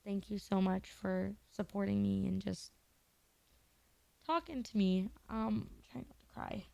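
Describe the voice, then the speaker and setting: A woman's voice: mid-range voice, measured pace, gravelly, a little mellow, no echo. A young woman streamer in her twenties chatting candidly and emotionally with her viewers, swearing casually.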